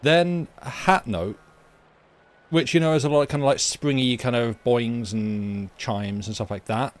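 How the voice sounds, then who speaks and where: A man's voice: medium pitch, measured pace. A man hosting a live stream, chatting casually and rambling through explanations of a tech mishap with plenty of fillers. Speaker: streamer and host.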